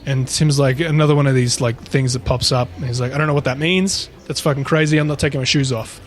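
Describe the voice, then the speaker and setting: A man's voice: medium pitch, steady tone, quick pace. A man co-hosting a podcast, casually retelling a paranormal story in a rambling way, with frequent swearing. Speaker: podcast co-host.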